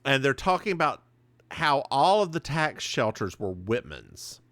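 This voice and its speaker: A man's voice: mid-range voice, very animated, unhurried, a bit bright, no echo. A man co-hosting a podcast, chatting casually with sassy, campy banter while recapping an episode. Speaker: podcast co-host.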